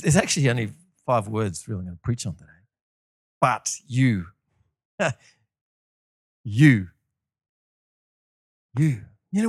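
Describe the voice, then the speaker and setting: A man's voice: medium pitch, no echo, studio quality. A man preaching a sermon, telling stories and acting out the voices of the people in them. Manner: animated storytelling with acted-out voices.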